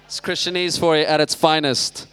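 A man's voice: on the high side, little pitch movement, moderate pace, fairly bright tone, clear, resonant tone. A man in his thirties giving a casual, chatty sermon with lots of joking asides, speaking as a church youth pastor. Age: 30s.

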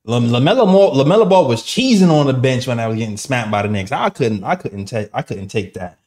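A man's voice: mid-range voice, expressive, brisk, darkish tone. A man co-hosting a postgame show, talking in a hyped, slangy, joking way. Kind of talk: casual sports chat.

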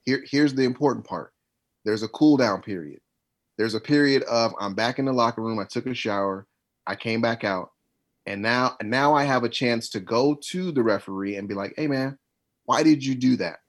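A man's voice: medium pitch, moderate pace. A man co-hosting a casual podcast chat, talking in an emphatic, insistent way and often repeating himself to drive a point home. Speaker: podcast co-host.

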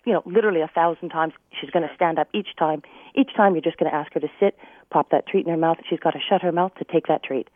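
A woman dog trainer giving advice on a radio call-in show, talking energetically and slipping into quick acted voices. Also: low-pitched, no echo. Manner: energetic, acts out owners and dogs in quick voices. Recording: dry phone-line sound.

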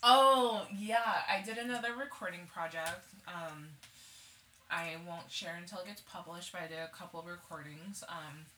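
A woman's voice: fairly low pitch, moderate pace. Chatty young woman in an echoey room. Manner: animated storyteller, laughs often, shouts when acting out stories. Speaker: podcast co-host. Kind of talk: casual chat. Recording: echoey room with faint noise.

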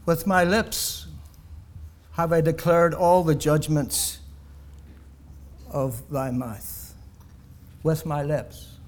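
A man preaching a sermon to a congregation, building to loud emphatic peaks and then dropping low, with repeated rhetorical questions. He gets short of breath as he goes. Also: fairly even intonation, very slow, pauses often.

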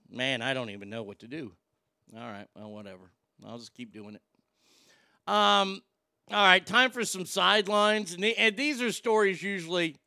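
Male radio host, profane rant, high gravelly voice, sharp bright tone. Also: no echo. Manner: profane, ranting, shouting in outbursts. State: feeling sick after being up all night. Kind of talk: angry talk radio rant. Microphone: broadcast board mic.

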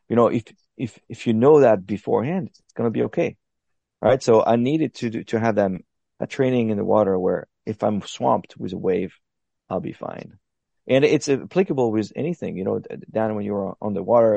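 A man's voice: fairly low pitch, a little fast, vocal fry, dark tone, no room sound. A man being interviewed on a podcast, explaining his methods in a thoughtful, step-by-step way with frequent restarts. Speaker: podcast guest, long-distance paddler. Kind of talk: reflective interview talk.

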